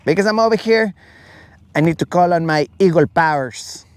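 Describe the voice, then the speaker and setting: A man's voice: on the high side, animated, normal speed, no room sound. Joking man hosting a live fishing stream. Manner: joking, bantering with chat. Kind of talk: casual live-stream chat. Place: on a boat on a lake, outdoors.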